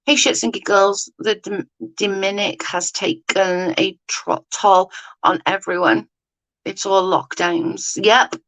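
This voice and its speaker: A woman's voice: mid-range voice, fairly even intonation, takes it slowly, fairly bright tone, rough recording. A woman hosting a casual live chat with viewers, blunt and sweary, ranting with lots of "like" fillers. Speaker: livestream host chatting with viewers.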